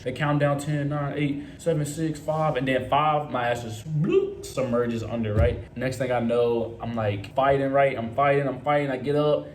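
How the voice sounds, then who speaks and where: A man's voice: mid-range voice, steady tone, moderate pace, few pauses. A young man telling a story in a casual, profane way, often tagging his lines with "right?". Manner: profane, frequent "right?" tags. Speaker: vlogger. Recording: roomy echo, faint noise.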